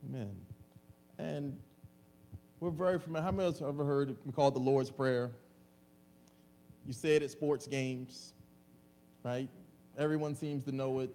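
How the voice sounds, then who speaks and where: A male pastor delivering a lively, humorous sermon to a congregation, acting out comic voices. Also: mid-range voice, moderate pace, long pauses, slight background noise. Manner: animated preaching with comic voices and laughter.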